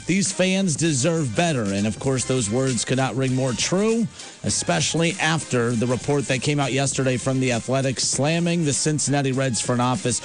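A man hosting a sports talk radio show, ranting with animated, exasperated asides. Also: mid-range voice.

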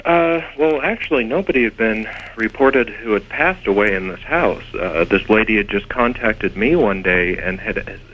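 A low-voiced man talks casually and hesitantly, with many fillers, as a radio guest describing ghost investigations. His voice comes through a dull, muffled phone line. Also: expressive, normal speed, hardly any pauses. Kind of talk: radio interview.

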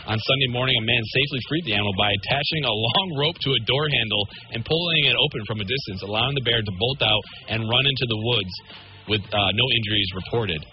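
A man reading quirky news items on a radio show, brisk with small stumbles. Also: mid-range voice, highs cut off, faint music behind.

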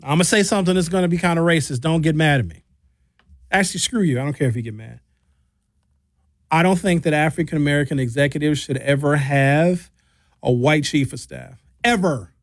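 A fairly high-voiced man hosts a talk show into a studio microphone, animated and outspoken as he tells stories and gives blunt opinions. The sound is dry and close, with no room around it. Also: brisk, dry recording. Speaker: radio and podcast host.

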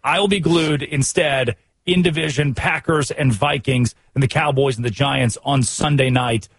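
An American man hosting a sports radio show, talking fast and emphatic with strings of rhetorical questions. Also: mid-range voice, steady tone, gravelly, a bit bright, husky, dry recording. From United States.

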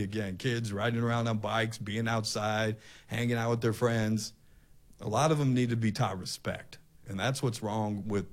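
A male talk show host delivering an impassioned, ranting opinion monologue, often repeating himself. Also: on the low side.

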